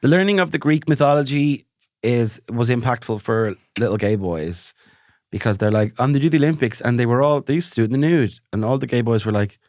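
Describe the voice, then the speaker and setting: A man's voice: medium pitch, a little fast, a little mellow, no room sound, clean studio sound. An Irish man co-hosting a podcast, chatting casually with playful, self-mocking storytelling. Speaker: podcast co-host. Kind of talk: casual chat.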